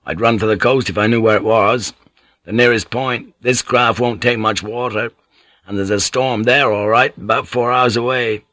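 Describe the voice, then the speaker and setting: A man voicing a steady, curious ship pilot who speaks calmly and plainly in a storybook reading. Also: mid-range voice, moderate pace, no echo, close to an everyday voice.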